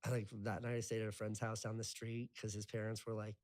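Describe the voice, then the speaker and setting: A man's voice: fairly low pitch, monotone, fast talker, a little mellow. Guy in his 30s rambling through his life story, tons of "like," swears a bit, super casual. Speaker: interview guest.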